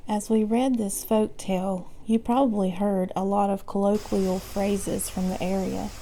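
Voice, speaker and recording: Storytime reader: woman, expressive folktale read-aloud for kids, middling pitch. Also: moderate pace. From Southwest Virginia. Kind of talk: reading a folktale aloud for children.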